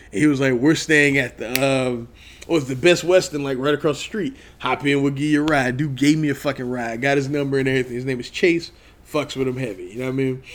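Excitable, profane man telling a trip story. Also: on the high side. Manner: profane, excitable, lots of "you know what I mean". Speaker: vlogger recounting a trip. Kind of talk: casual storytelling rant.

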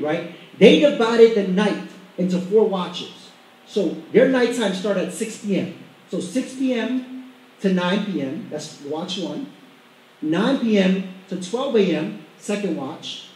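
A man with a high-pitched voice preaches a sermon to a congregation. He is emphatic and stumbles into restarts, often asking them to repeat lines after him. He is recorded from a distance in a hall with very strong echo. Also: darkish tone. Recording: very echoey hall, mic far off.

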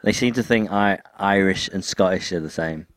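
A man co-hosts a relaxed podcast, chipping in with short remarks and teasing jokes. His voice sits fairly low. The sound is dry and close, with no room around it. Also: dry recording. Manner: dry, joking, quick interjections. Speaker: podcast host. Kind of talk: casual podcast chat.

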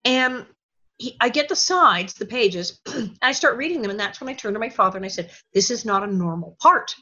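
A woman guest in an interview, telling animated stories with laughter and acted-out quotes. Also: a little high, a little hiss or hum. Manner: energetic, laughing, quick asides and acted-out quotes. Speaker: interview guest, former child actor. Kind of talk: animated storytelling in conversation. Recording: dull lo-fi audio.

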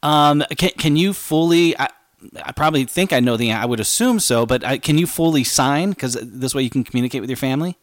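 A man's voice: medium pitch, brisk, dry recording, clean studio sound. A male podcast host asking a rambling interview question, correcting himself as he goes.

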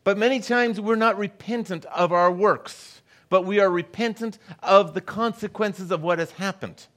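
Preaching as a guest pastor, this middle-aged man has a high, slightly bright voice and speaks at normal speed. His sermon is built on stories, with him performing the voices of those he quotes.

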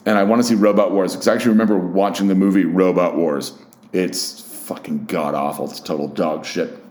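A man's voice: deep voice, fairly even intonation, a little fast, a little mellow. A young man hosting a casual solo podcast, rambling and self-deprecating with plenty of swearing. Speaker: podcast host. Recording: roomy echo.

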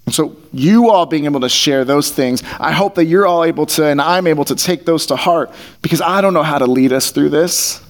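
A man's voice: a little high, fairly quick, hardly any pauses. Earnest male pastor preaching. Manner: conversational, earnest, repeats phrases for emphasis. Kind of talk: sermon. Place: church hall. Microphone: headset mic taped to face.

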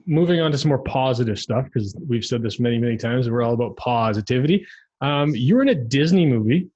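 Fast-talking husky male podcast host. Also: medium pitch, expressive, darkish tone. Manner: quick, upbeat questioner. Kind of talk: casual podcast interview. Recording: dull lo-fi audio.

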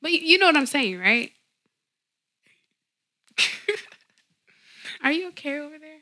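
A young woman from the American South in casual chat, animated and quick to laugh. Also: sits high.

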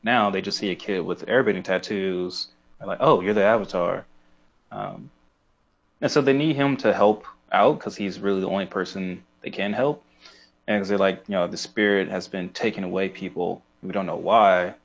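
Low-voiced laughing man, lo-fi. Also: moderate pace, gravelly. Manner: searches for words, laughs often. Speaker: podcast co-host. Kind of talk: casual chat.

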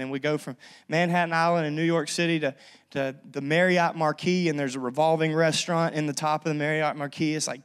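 A man's voice: a little high, smooth. A young man, a pastor, preaching a sermon and telling a personal story with lots of energy, often restarting his sentences.

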